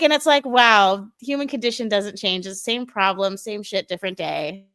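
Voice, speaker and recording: A woman's voice: a little high, moderate pace, few pauses, fairly bright tone. A woman guest in a casual talk show chat, earnest and full of blessings as she tells stories. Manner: earnest, blessing-giving, storytelling.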